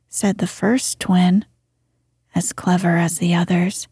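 A woman reading a children's story aloud with gentle, expressive narration. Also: on the low side, slow, slightly rough, dry recording, studio quality. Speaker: reader.

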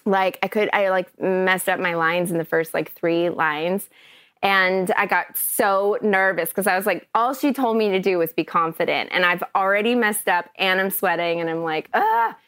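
A woman from Kentucky, an actress guest on a podcast, telling a story in an animated, chatty way. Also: on the low side, normal speed, clear, resonant tone, dry recording. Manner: chatty, animated, often laughing.

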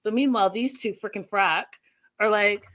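A young adult woman hosting a casual livestream recap, chatting with viewers and acting out quotes in an animated way. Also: medium pitch, moderate pace. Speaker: show recap host.

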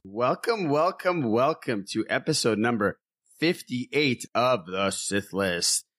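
A man's voice: on the low side, expressive, takes it slowly, music in the background. A man hosting a casual podcast, upbeat and jokey, often laughing as he talks. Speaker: podcast host.

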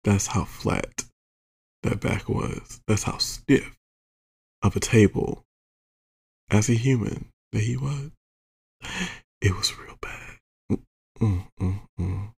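A man with a low, gravelly and somewhat husky voice tells a raunchy story as a podcast host. He talks slowly, swears a lot and sounds exasperated as he acts out what was said. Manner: profane, exasperated storyteller who acts out quotes. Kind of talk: explicit comedic storytelling monologue.

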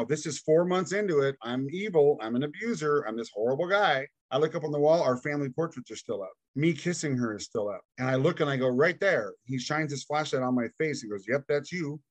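A man's voice: medium pitch, no echo. A man recounts his story for a podcast interview, jumping into the voices of each person he quotes. He laughs as he goes, and his voice sits in the middle register. The recording is close and dry, with no room sound. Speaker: podcast guest.

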